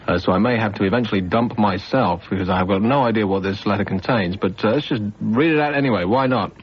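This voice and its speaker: Husky-voiced sarcastic radio host man. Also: on the low side. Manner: sarcastic, quick, teasing. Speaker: late-night radio phone-in host. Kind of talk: late-night phone-in banter. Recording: dull 1990s radio broadcast.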